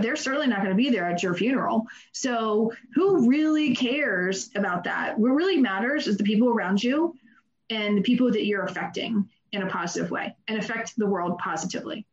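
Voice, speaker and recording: Earnest woman real estate leader, lo-fi. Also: on the high side. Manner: earnest, animated, frequent "like" and "you know". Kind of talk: candid interview talk. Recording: dull lo-fi sound.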